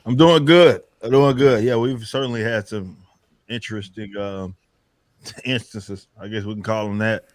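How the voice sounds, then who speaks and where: A man speaking as a guest on a casual online panel chat, relaxed and blunt, laughing along. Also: lowish voice, moderate pace, no room sound.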